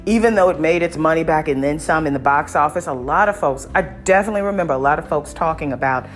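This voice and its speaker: A woman's voice: low voice, fast, soft background music. A woman hosting her own podcast, giving a casual, rambling movie review full of ums and restarts, blunt and exasperated in her opinions. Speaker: podcast host.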